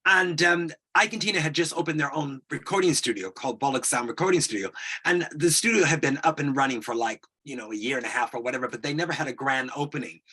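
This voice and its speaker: A man in his sixties, a guest telling a long personal story, animated and acting out the voices in it. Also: mid-range voice, fast talker, husky. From United States. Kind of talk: anecdotal storytelling.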